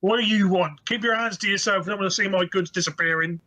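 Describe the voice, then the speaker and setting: A man voicing a suspicious, gruff male dwarf shopkeeper in a tabletop game. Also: high-pitched, fast talker, pushed and bright, muffled recording. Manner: gruff, distrustful.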